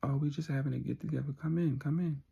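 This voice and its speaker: A man's voice: a little high, fairly even intonation, quick pace, creaky, mellow, breathy edge, lo-fi sound, pitched above the performer's own voice, full character voice. A man voicing an eager young man who invites a guest in. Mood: welcoming.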